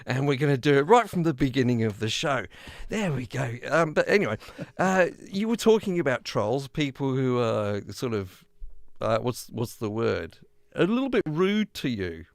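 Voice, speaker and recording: A man's voice: mid-range voice, very animated, normal speed, gravelly, no room sound. A man hosting a casual live-stream chat, rambling and joking, swearing freely, talking over a video call. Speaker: host.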